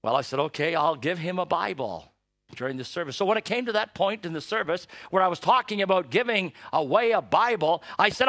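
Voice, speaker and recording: An older man preaching a sermon, telling an emotional story and building to loud, forceful emphasis. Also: a little high, animated, fairly quick, no room sound. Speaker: missionary preacher.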